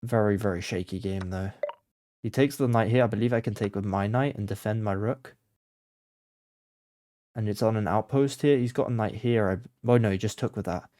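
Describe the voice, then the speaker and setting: Playing blindfold chess for his channel, this chess creator mutters his moves at normal speed in a lowish voice. The studio-quality audio has no room sound. He moves between quiet focus and flustered panic, especially when he loses his place on the board.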